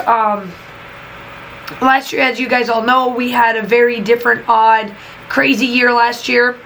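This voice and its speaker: A woman's voice: on the high side, vocal fry, a bit bright, a little hiss or hum, rough recording. A woman, chatting enthusiastically while she crafts and talks to her channel, with many fillers. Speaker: craft YouTuber and teacher. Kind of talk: casual crafting vlog voice-over.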